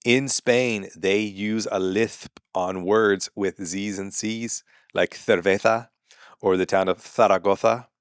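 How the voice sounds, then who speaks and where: Brief: low-voiced male comedian from the US, sarcastic, exasperated rant, close dry sound. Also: dry recording. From United States. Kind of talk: comedic monologue. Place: home sun room.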